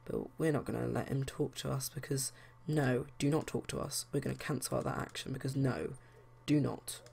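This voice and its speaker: A woman's voice: a bass voice, steady tone, normal speed, gravelly, a little mellow, slightly rough. A young woman chatting casually as a let's play host, rambling with lots of fillers. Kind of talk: casual game commentary.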